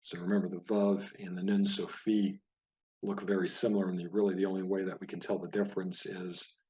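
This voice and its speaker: A man teaching Biblical Hebrew reading, patiently explaining and slowly repeating each word. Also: deep voice, flat delivery. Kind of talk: casual spoken lesson over a page of words.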